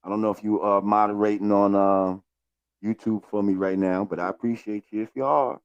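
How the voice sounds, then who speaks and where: A male host runs a casual livestream, calmly reading out viewers' names with thanks. His voice sits low. The sound is dry, with no room around it. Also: brisk, clear, resonant tone, dry recording, lo-fi sound. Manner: laid-back, reads out viewer names and thanks them.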